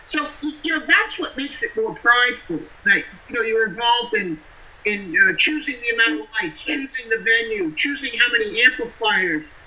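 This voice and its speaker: A man's voice: very high-pitched, animated, normal speed, sharp tone, rough recording. A man, a band frontman, chatting as an interview guest and talking in long run-on lists. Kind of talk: casual interview chat.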